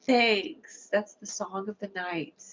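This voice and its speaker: A woman's voice: medium pitch, steady tone, slow, noisy background. A woman hosting a casual livestream chat, rambling playfully and answering viewers' comments. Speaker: livestream host. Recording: lo-fi, dull sound.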